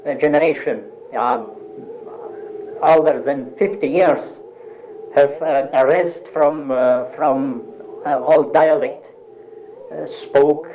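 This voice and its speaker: Older man, halting German-Russian accent. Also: a little high, steady tone. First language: Black Sea German dialect. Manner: halting, searching for words, many pauses. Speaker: interviewee. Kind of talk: hesitant oral-history interview. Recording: dull lo-fi recording, faint hiss.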